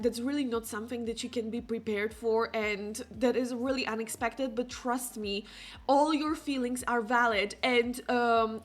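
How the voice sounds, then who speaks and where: Aiden, a woman voicing a gentle young Sim man. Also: a little high. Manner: stammering, gentle reassurance. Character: caring young man Sim comforting his partner.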